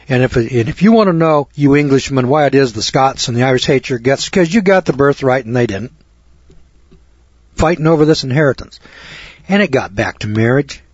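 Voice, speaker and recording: A man's voice: medium pitch, darkish tone, breathy edge, no echo. A middle-aged man hosting a radio talk show, lecturing in a blunt, rambling, preachy way. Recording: dull lo-fi radio recording.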